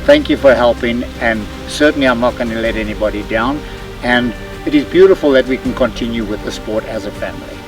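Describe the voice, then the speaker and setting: A man's voice: medium pitch, brisk, far from the mic, music in the background, low-quality recording. A man in his seventies with a South African accent, a veteran motocross racer chatting cheerfully to the camera and laughing easily. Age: 70s. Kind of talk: casual talk to camera.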